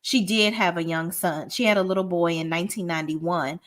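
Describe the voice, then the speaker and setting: A woman's voice: on the low side, steady tone, fairly quick. A woman giving a casual, blunt and profane recap of a reality show, often restarting her sentences as she talks. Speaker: reality TV reviewer.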